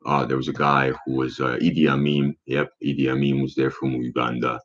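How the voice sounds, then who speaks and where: A man's voice: very deep voice, level tone, a little fast, a bit bright. A man talking in a profane, rambling monologue full of rhetorical questions, on a dull lo-fi recording.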